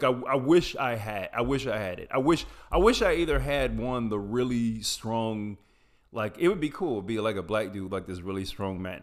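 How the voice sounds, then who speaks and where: A young adult man from Appalachia telling a personal story in a casual, rambling, profane way, with frequent tangents. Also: fairly low pitch.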